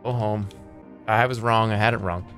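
A man's voice: on the low side, steady tone, moderate pace, fairly bright tone, faint music behind. A man streaming a text game, reading its lines aloud with wry, joking asides and free swearing.

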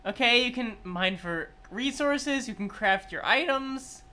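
Bright-voiced young male streamer. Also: unhurried. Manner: casual chatter, swings from low mumbling to loud excited yelling. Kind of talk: live reaction stream.

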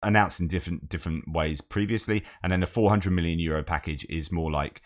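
A man with a very low voice hosts a war news update, reading out article passages. He breaks off often for loose, conversational asides and restarts his sentences along the way. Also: fast.

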